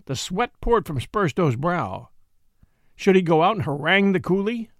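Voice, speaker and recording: A man narrating a story as an audiobook, in an expressive, measured storytelling manner. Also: high-pitched, no room sound, studio quality.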